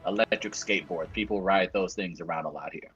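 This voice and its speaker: Low-voiced male co-host on a dull line. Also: a little fast, a bit bright, soft background music. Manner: laughing, mock-defensive ribbing. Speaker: co-host calling in. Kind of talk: casual banter.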